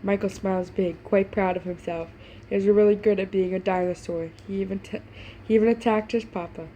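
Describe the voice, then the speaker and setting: A woman's voice: mid-range voice, fairly even intonation, a little fast, warm tone, a little hiss or hum, low-quality recording. A woman reading fan fiction aloud, stumbling over words, doing voices for the characters and stopping now and then to react. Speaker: fanfiction reader.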